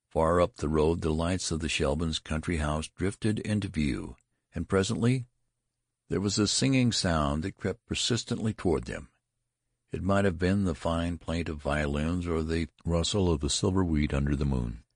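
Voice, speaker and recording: Very deep gravelly male narrator. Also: moderate pace, dry recording, studio quality. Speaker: audiobook narrator. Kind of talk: storybook narration.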